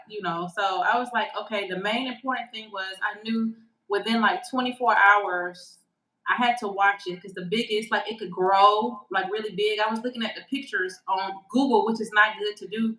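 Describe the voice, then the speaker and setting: A woman co-hosting a podcast over a video call, telling a story in a casual, animated way and acting out the dialogue. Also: mid-range voice, moderate pace, roomy sound, low-quality recording. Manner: animated, excitable, acts out quoted dialogue. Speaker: podcast co-host. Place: her home during a storm.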